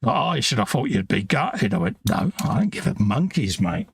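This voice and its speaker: A man's voice: mid-range voice, big pitch swings, fairly quick, gravelly, slightly rough, no echo. A man in his fifties, a livestream co-host chatting casually while he builds a model, laid-back and full of slang.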